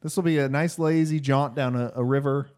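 A man's voice: medium pitch, fairly even intonation, a little fast, darkish tone. A man, making dry, sarcastic quips as a podcast co-host. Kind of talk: casual podcast chat.

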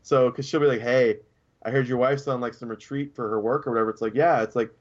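A man's voice: medium pitch, steady tone, quick pace. A man co-hosting a casual podcast chat, rambling through a story and acting out the quotes in raised voices. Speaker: podcast co-host. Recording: dull lo-fi sound.

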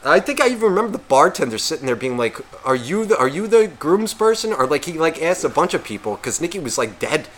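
A man co-hosting a podcast, telling a story in a casual, profane, animated way and acting out quotes. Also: fairly high pitch, fast talker, few pauses, slight background noise. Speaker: podcast co-host.

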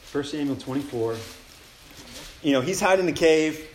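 A man speaking at a retreat, telling Bible stories in a casual, animated way with slangy asides. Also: fairly high pitch, normal speed, noisy background. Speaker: campus ministry speaker. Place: retreat meeting room. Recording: echoey room with faint ambience.

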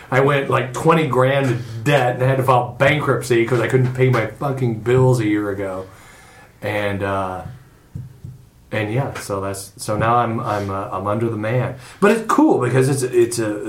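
A middle-aged man chatting casually on a podcast, rambling and swearing as he tells stories. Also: mid-range voice. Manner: rambling, profane, loose storytelling. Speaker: podcast regular. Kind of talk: casual chat. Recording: echoey room with faint noise.

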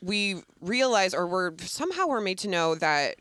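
A man's voice: high-pitched, sing-song, moderate pace, sharp tone, clear, resonant tone, no echo. A man co-hosting a movie podcast in casual chat, exasperated, swearing and laughing often. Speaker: podcast co-host.

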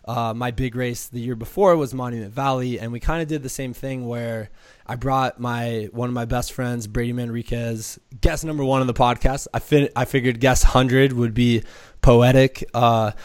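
A man's voice: medium pitch, steady tone, normal speed, smooth, dry recording. Young guy with a cold, scratchy voice, chatty podcast host, lots of ums, dry mic. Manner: rambling, filler-heavy, upbeat. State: hoarse from a cold. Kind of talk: casual podcast chat.

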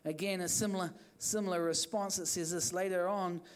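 A man's voice: high-pitched, fairly even intonation, a little fast, clear, resonant tone. A man preaching an evening church sermon, urging the listeners on in fervent, repetitive phrases. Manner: fervent, repetitive exhortation with restarts. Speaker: pastor.

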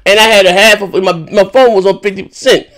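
A man hosting a podcast in casual chat, rambling and swearing as he retells a dispute with animated indignation. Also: high-pitched, fast. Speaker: podcast host.

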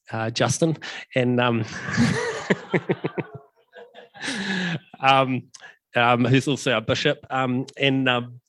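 A man's voice: mid-range voice, a bit bright, no echo. A man preaching a sermon in a conversational way, with lots of ums and emphatic repetitions.

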